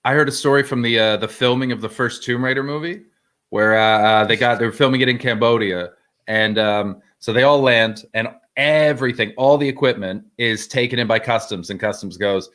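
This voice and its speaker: A man with an ordinary mid pitch tells a profanity-laced film-set story in casual chat. He acts out the quoted people as he goes, with plenty of ums along the way. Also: brisk, a bit bright. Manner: swearing anecdote teller, quotes voices. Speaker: podcast co-host.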